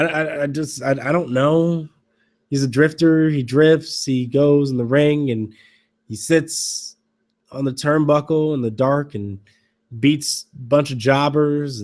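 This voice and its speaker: Male podcast host, slightly high voice, halting wry ramble. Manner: rambling, halting restarts, wry mocking asides. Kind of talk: casual wrestling recap.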